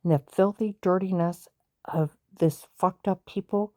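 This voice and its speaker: A woman's voice: lowish voice, steady tone, moderate pace, mellow, no echo, studio quality. A woman on a personal vlog, ranting in an agitated, emphatic way, repeating herself and rambling from point to point. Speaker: vlogger.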